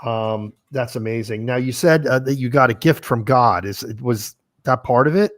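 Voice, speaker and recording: In a dry recording, a man hosting a podcast interview talks at a moderate pace in a mid-range voice. He rambles as he reacts and asks questions, leaning heavily on fillers such as "you know."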